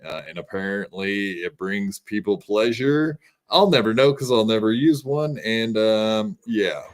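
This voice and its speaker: A man's voice: lowish voice, expressive, measured pace. Rambling man in crude podcast chat. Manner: rambling with many uh fillers.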